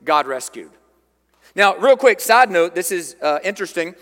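High, bright-voiced preaching man in a reverberant hall. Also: big pitch swings, moderate pace. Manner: emphatic preaching, repeats key phrases, reads scripture aloud. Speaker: pastor. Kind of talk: sermon.

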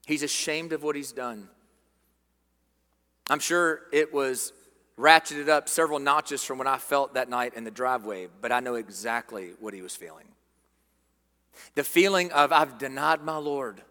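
A man with a Southern American accent preaching a sermon, earnest and dropping to hushed tones for emphasis. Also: high voice, long reverb tail. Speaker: pastor. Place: church sanctuary.

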